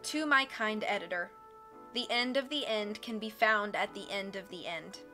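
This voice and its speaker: Bright-voiced woman reading aloud. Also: medium pitch, moderate pace, faint music behind. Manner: expressive reading with casual asides to chat. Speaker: streamer reading a book aloud. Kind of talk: audiobook reading on a live stream.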